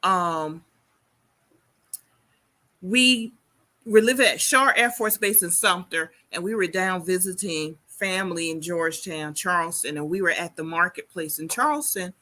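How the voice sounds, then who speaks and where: A woman hosting an interview, telling a personal story in a chatty, animated way. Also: on the low side, unhurried. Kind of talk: conversational interview.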